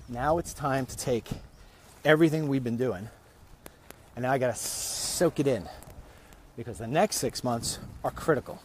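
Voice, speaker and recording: A man's voice: mid-range voice, a little hiss or hum. A man hosting a casual walk-and-talk vlog, rambling, often restarting and repeating his words as he goes. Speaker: vlog host. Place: walking outdoors.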